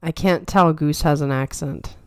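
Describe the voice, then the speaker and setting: Low, smooth-voiced woman chatting. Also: normal speed, a little mellow, dry recording, studio quality. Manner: chatty, giggly storyteller. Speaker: podcast co-host. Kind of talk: casual chat.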